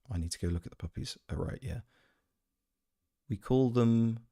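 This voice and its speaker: A man chats casually while streaming a game, answering his chat with playful jokes and rambling tangents. His voice sits low but moves animatedly up and down. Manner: playful, joking, rambling asides. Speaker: gaming streamer and voice actor.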